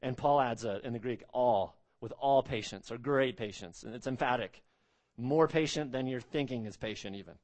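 A man's voice: mid-range voice, moderate pace, darkish tone. A man preaching an expository sermon, emphatic, repeating phrases and asking rhetorical questions.

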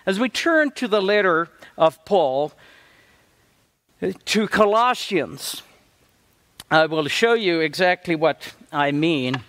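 A man from Africa, a visiting pastor, preaching a sermon with lively storytelling and acted-out quotes of church members. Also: a little high, slow, long pauses. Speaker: guest pastor.

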